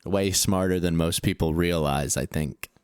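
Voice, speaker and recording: A young man co-hosting a podcast, telling stories in a casual, animated way. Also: low voice, normal speed, clear, resonant tone, no echo, clean studio sound. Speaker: podcast co-host. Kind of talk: casual chat.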